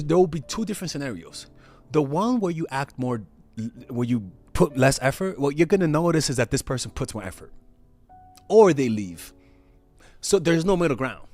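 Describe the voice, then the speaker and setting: A man talking as a dating coach in a loose, conversational monologue, restarting phrases and checking in with tag questions. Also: medium pitch.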